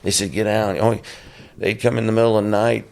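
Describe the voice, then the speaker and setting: Deep gravelly older man telling stories. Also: fast talker. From Phoenix, United States. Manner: animated storyteller, acts out shouted drill sergeant quotes. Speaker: guest, army veteran. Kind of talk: storytelling interview.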